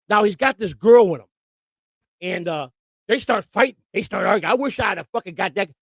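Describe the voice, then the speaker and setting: A man with a high voice rambles through profane stories, restarting sentences as he goes. He co-hosts a casual live stream. The sound is dry and close on a desk mic. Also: animated, a little fast, gravelly, no echo. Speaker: co-host and storyteller. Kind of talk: casual chat, rambling anecdotes. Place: home live-stream setup.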